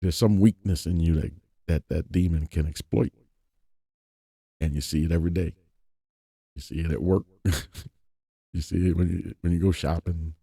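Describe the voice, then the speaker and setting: A man's voice: low-pitched, fairly even intonation, normal speed, gravelly, long pauses, warm tone, husky, no room sound, studio quality. A man casually reading scripture and commenting on it, digressive and chuckling between points. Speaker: religious commentator.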